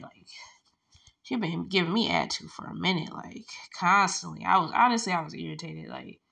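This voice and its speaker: A woman's voice: fairly low pitch, creaky. A woman telling a long personal story in a casual, rambling way, acting out the back-and-forth with lots of filler words. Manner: rambling, animated, acts out quoted exchanges with filler words.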